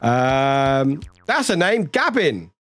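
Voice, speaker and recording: A chatty streamer, mid-pitched voice, rambling and friendly as they read chat and welcome people in. A slight cough lingers, and soft music plays in the background. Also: sing-song, no echo. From United Kingdom. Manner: chatty, rambling, warm toward chat, quick laughs. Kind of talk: casual live-stream chat, reading chat aloud.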